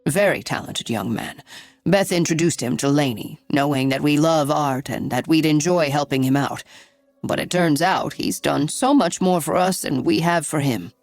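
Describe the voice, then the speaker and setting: A woman's voice: sits low, normal speed, a little mellow, no room sound, faint music behind. A woman reader voicing a chatty, sympathetic elderly man in an audiobook. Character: elderly wealthy man, kindly and talkative.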